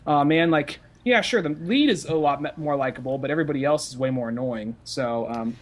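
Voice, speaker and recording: A young man in casual podcast chat, rambling and profane, full of fillers and restarts. His voice sits a little high for a man. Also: brisk, slight background noise. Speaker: podcast co-host.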